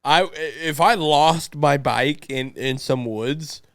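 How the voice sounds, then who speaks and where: A man's voice: a little high, slow, a bit bright, no echo, studio quality. A man co-hosting a casual podcast chat, rambling loosely and laughing easily. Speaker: podcast co-host.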